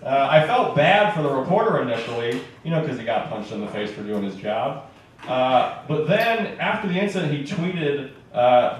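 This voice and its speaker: A man's voice: mid-range voice, big pitch swings, moderate pace. Rambling stand-up man from Montana. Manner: loose, rambling storytelling with asides. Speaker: stand-up comedian. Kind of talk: stand-up set. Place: comedy club stage. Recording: echoey club taped from far off with faint hiss.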